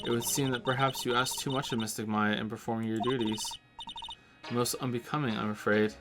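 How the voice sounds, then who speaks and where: A man's voice: mid-range voice, steady tone, fairly quick, over music, lightly acted. Cold, formal older noblewoman, haughty and stiff, read by a man. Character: stern, formal older female spirit-medium aunt.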